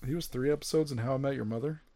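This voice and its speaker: A man's voice: medium pitch, rapid-fire. A young man chatting casually about films and actors, telling stories and acting out what people said. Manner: animated storyteller, jumps into quoted voices. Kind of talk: casual chat.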